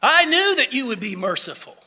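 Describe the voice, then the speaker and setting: A man's voice: very high-pitched, sing-song, fairly quick, bright, forceful tone, husky, pitched above the performer's own voice, full character voice. A man voicing an indignant, resentful prophet who complains to God with a whiny, raised voice.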